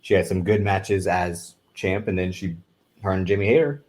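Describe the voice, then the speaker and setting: A man co-hosting a podcast with a somewhat low voice. He talks casually and makes opinionated arguments for his choices. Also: steady tone, moderate pace, darkish tone. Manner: opinionated, argues his picks. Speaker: podcast co-host. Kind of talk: casual wrestling chat.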